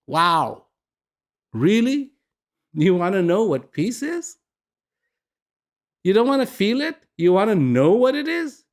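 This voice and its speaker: A man giving a reflective personal message, speaking slowly and posing many rhetorical questions. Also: fairly high pitch, sing-song, vocal fry. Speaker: spiritual speaker.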